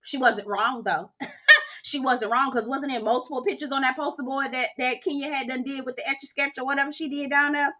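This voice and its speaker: A woman with a bright, fairly high voice hosts her reality TV recap vlog. She is sassy and animated and asks her viewers what they think. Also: a little fast. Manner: sassy and animated, keeps calling the viewer "girl". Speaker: host of a reality TV review channel.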